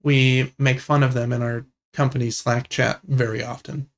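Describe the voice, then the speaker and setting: A young man with a gravelly edge to his voice, pitched in the ordinary middle, co-hosting a casual games podcast. He rambles happily, circling back with filler words, and lights up when a favorite game comes up. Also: moderate pace. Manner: relaxed, rambling, enthusiastic about games. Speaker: podcast co-host. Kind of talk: casual gaming podcast chat.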